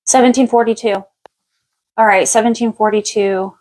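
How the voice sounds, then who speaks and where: A woman's voice: fairly high pitch, poor audio. Chatty woman giving a psychic reading. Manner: thinks aloud in a halting way, with many fillers and restarts; relaxed and chatty, laughs easily. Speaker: psychic medium giving a past-life reading. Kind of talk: live-stream spiritual reading.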